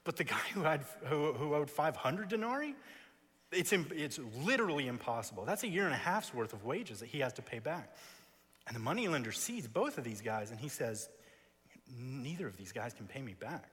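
A man's voice: fairly high pitch, very animated, a little fast, fairly bright tone, husky. A man preaching an expository sermon in a seminary chapel, building his points with emphatic repeated phrases. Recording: long reverb of a chapel.

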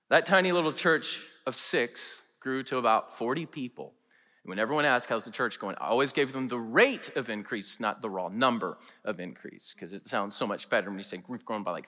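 A male pastor preaching a sermon in a chapel, telling funny stories with lively, animated delivery. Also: medium pitch, moderate pace, long reverb tail. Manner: animated, humorous storytelling. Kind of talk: sermon with storytelling. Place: large chapel.

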